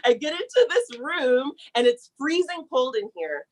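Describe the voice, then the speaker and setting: A woman telling a long personal story in a casual, animated way, talking fast and acting out the people she quotes. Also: sits high, poor audio. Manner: talks fast to get through a long story.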